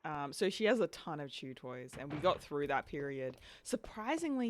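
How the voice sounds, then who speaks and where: A woman's voice: low-pitched, very animated, normal speed, few pauses, slight background noise. A young woman streaming a game and chatting casually, laughing often and dropping lots of "like" and "dude". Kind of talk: casual chat while gaming.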